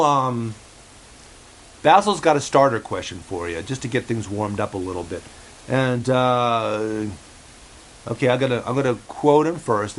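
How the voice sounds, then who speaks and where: A man talks in a halting, meandering way, stopping and restarting his sentences and filling the gaps with ums. His voice sits at an ordinary middle pitch. A faint steady hiss runs under the recording. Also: rough recording. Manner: halting, many fillers and restarts, relays a cat's remarks. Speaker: host of a home-made pet show. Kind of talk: rambling casual monologue.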